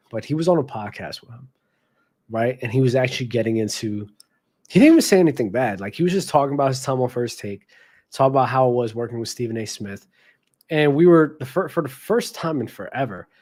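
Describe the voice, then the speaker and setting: A man's voice: mid-range voice, darkish tone. A man hosting a casual basketball commentary show, talking passionately and addressing viewers directly with slang. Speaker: sports commentary host.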